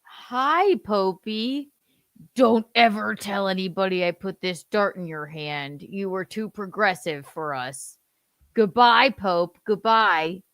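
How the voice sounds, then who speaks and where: A woman voicing a mocking, sneering impression of a male politician, pushed higher and louder than her own voice. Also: slow, no echo. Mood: mock-sinister.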